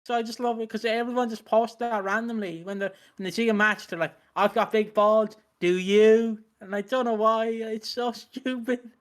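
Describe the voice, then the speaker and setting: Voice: mid-range voice, steady tone, a little fast, few pauses, a bit bright. A podcast co-host chatting casually about wrestling, rambling with laughs and swearing. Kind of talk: casual chat reviewing a wrestling event.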